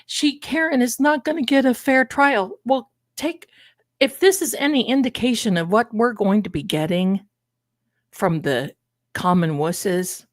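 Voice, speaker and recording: A woman's voice: on the high side, measured pace, no echo. An older woman hosting a live stream, chatting loosely and drifting into personal stories. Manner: chatty, digressive, storytelling asides. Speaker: host of a live tarot and commentary stream. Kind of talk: casual live-stream commentary.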